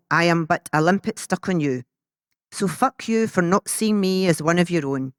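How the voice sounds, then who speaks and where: A woman performing a spoken-word poem in a defiant, cutting manner, with sharp swearing. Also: on the low side, no echo, studio quality.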